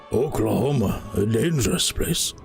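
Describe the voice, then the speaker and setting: A man voicing a grandiose male cat lord who rules a city, speaking slowly and theatrically. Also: on the low side, expressive, vocal fry, over music, heavily acted. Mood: lordly. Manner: slow, lordly, theatrical.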